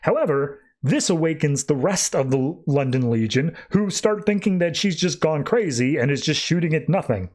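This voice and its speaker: A man's voice: fairly high pitch, animated, moderate pace, hardly any pauses, a little mellow. A man hosting a podcast, casually recapping a comic book in a loose, rambling way. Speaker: podcast host.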